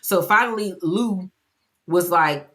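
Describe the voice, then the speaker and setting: A woman chattily recapping a TV episode in a casual, expressive way. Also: on the low side, slow. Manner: chatty and expressive, acting out quotes. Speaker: TV show recapper.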